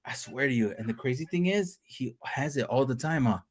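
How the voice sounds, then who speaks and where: Hosting a livestream chat, a man of medium pitch talks a little fast in loose, profane, joking banter, laughing often along the way.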